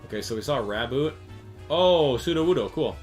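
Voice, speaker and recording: A man's voice: medium pitch, expressive, brisk, a little mellow, faint music behind. A man giving chatty, family-friendly gameplay commentary, reading the game's text aloud and reacting as he plays. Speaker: video game commentator.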